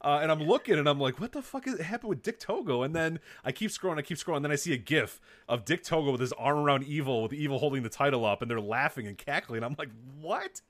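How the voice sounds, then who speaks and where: A man's voice: mid-range voice, fast, few pauses, fairly bright tone. A man co-hosting a podcast, telling a rambling story with frequent laughs and casual swearing. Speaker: podcast co-host. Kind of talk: casual chat.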